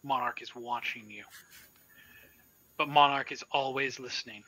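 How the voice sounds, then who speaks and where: A man's voice: mid-range voice, steady tone, pushed and bright, no echo, low-quality recording. A man voicing a solemn, ominous Minotaur. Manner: measured, solemn pronouncements. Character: captive male Minotaur-like creature, calm and ominous. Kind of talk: tabletop role-play voicing.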